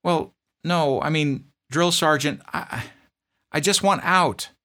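Guy doing a sniffly scared young private, halting, whiny and high. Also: sharp tone, full character voice. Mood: pleading. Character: tearful homesick young male army private.

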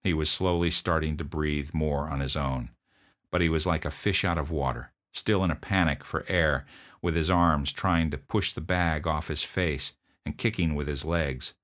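A man narrating a first-person account of an emergency call, in a steady, measured telling. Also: extremely low pitch. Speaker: first responder recounting a call.

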